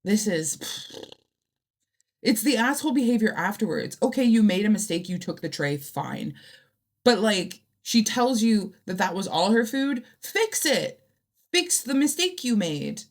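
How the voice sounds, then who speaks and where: A woman's voice: mid-range voice, expressive, normal speed. A woman giving blunt, heated reactions to online stories, talking straight at the people in them. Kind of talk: casual reaction commentary.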